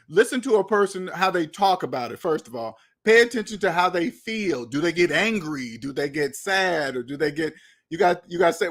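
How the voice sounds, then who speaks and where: A finance commentator with a high, slightly bright male voice offers opinionated video commentary on money and debt. His tone is blunt and lecturing, and he frequently repeats himself.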